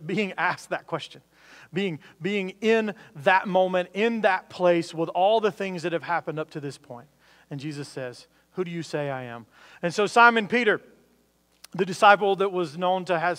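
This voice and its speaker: A man's voice: high-pitched, normal speed, a bit bright, big-room sound. A man preaching a sermon, talking earnestly with frequent restarts and building emphasis. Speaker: pastor.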